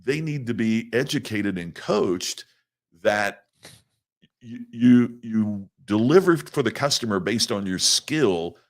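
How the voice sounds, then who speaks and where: Middle-aged man, podcast guest; very low voice, earnest storyteller who stumbles and restarts. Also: animated, takes it slowly. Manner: earnest, repeats words at starts.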